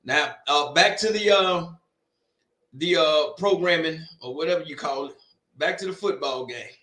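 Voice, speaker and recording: Loud joking man, echoey room. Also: on the high side, moderate pace. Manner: loud, joking, slangy banter. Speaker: watch party host. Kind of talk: casual chat. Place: home room.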